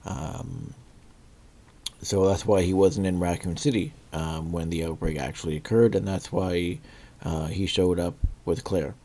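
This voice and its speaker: A man casually reviewing a movie, rambling with many fillers and restarts, often clearing his throat and coughing. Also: low voice, fairly even intonation, a little slow, dark tone.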